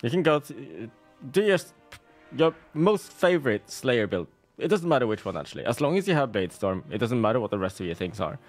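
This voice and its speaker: A man's voice: mid-range voice, sing-song, fairly quick, soft background music. A man streaming a game, giving casual, sarcastic commentary with a salty edge.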